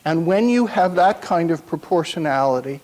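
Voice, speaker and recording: A man giving a university lecture, thinking aloud and reading quotations slowly and solemnly. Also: fairly high pitch, animated, darkish tone.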